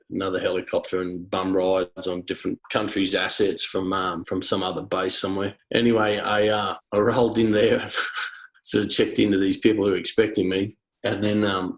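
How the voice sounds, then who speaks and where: A man's voice: low-pitched, poor audio. An Australian man, a special forces veteran, telling combat stories in a blunt, matter-of-fact way with some swearing. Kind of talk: casual storytelling interview.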